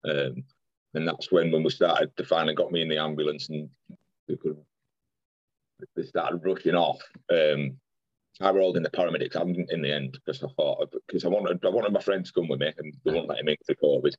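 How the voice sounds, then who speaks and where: Deep-voiced young man telling a story. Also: fairly even intonation, brisk, a little mellow, breathy edge, no room sound, lo-fi sound. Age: young adult. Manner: earnest, detailed retelling with frequent restarts and quoted dialogue. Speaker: podcast guest. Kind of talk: personal storytelling in conversation.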